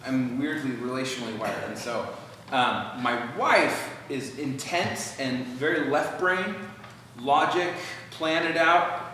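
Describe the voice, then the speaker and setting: A man's voice: mid-range voice, slow pace. Man teaching in an echoey hall. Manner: animated, acts out quoted dialogue. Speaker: workshop speaker. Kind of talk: church workshop talk. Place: church hall. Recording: echoey hall from far off, noisy.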